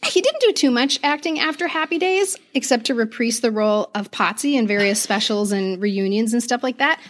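A woman co-hosting a podcast, chatting casually with quick, laughing asides. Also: on the high side, lively intonation, a little hiss or hum. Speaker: podcast co-host. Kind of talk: casual chat.

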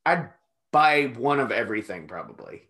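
A man co-hosting a podcast, chatting casually and excitedly as he watches a wrestling match, swearing often and joking. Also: medium pitch, normal speed. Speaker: podcast co-host.

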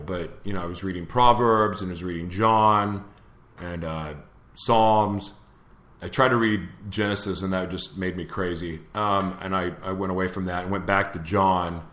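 A man's voice: deep voice, moderate pace, sharp tone, reverberant. A man hosting a live talk show, telling a personal story in a candid, earnest way. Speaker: host.

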